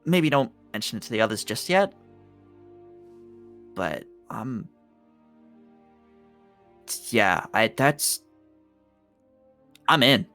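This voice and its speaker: A man playing a nervous young former camper, talking in halting, hesitant bursts with some swearing. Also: medium pitch, sing-song, bright, forceful tone, soft background music, full character voice. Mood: resolute. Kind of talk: in-character tabletop role-play.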